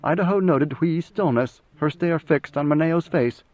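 Male audiobook narrator, steady delivery, slightly high voice, dry muffled recording. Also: normal speed, dry recording.

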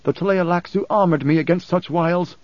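A man voicing a tense male pilot and swordsman who talks in a curt, gruff, grating way. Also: high-pitched, a little fast, darkish tone, no echo, voice pushed up, close to an everyday voice. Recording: slightly dull dry recording.

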